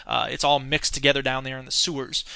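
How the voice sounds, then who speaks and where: A man teaching a film class, talking off the cuff and often pausing with fillers as he searches his notes. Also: medium pitch, little pitch movement, vocal fry, pushed and bright, clear, resonant tone, no echo. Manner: hesitant, many fillers, searching through notes. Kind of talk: unscripted film commentary lecture.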